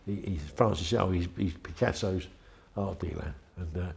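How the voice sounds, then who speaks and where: An older man with a deep voice and vocal fry talks at a moderate pace, rambling through stories in an interview. He is chatty and frequently restarts his phrases.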